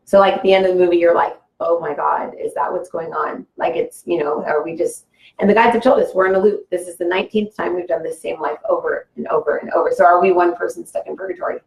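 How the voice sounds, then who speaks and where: Rambling low-voiced woman in an echoey room. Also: expressive, fast, vocal fry, a little mellow. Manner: rambling, full of "like" and "you know". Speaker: guest. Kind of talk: casual spiritual conversation.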